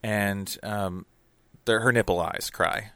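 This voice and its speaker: A man's voice: fairly low pitch, steady tone, slow, bright, forceful tone, no room sound, studio quality. A man in casual podcast chat, rambling with lots of fillers and restarts. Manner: rambling, hesitant, many fillers. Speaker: podcast co-host reviewing a film.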